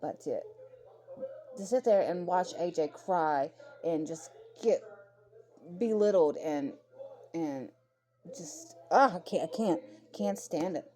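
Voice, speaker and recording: A woman's voice: lowish voice, lively intonation, takes it slowly, long pauses, dark tone, faint music behind. A woman ranting in heated, profane commentary, often repeating herself, talking about her own kids along the way. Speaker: commentary creator.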